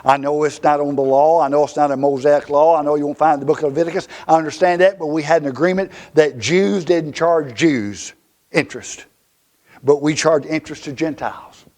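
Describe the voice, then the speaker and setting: A male pastor with a Southern US accent preaching a fiery, emphatic sermon in a church, swinging from loud to hushed. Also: a little high, fairly quick.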